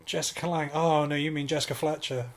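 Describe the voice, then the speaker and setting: A man co-hosting a comedy podcast, rambling and self-mocking with halting ums. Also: a little high, level tone. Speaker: podcast co-host. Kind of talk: casual comedy chat.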